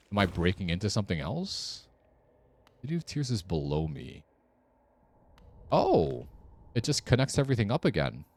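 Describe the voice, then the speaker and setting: A man's voice: sits low, gravelly, a little mellow. A man streaming a game with casual, wry commentary, muttering sarcastic asides to himself.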